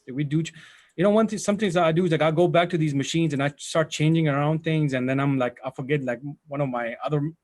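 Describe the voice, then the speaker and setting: A man's voice: fairly high pitch, fast talker, a little mellow. A man teaching a live IT training session, talking casually to his students, often rambling and correcting himself mid-sentence. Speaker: IT instructor. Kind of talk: live software training walkthrough.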